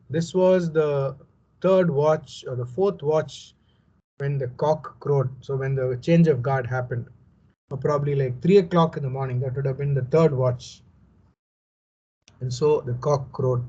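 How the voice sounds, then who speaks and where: A man teaches a Bible passage in a higher-pitched voice that has a husky edge. His tone is mellow and dark. The recording is dull and lo-fi. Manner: explanatory, repeats points, conversational asides.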